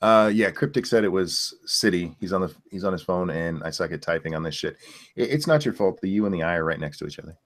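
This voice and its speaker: A man with a very deep, low voice hosts a casual live stream. He reads out viewer questions and answers in blunt, profane rants. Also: expressive, fast. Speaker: stream host.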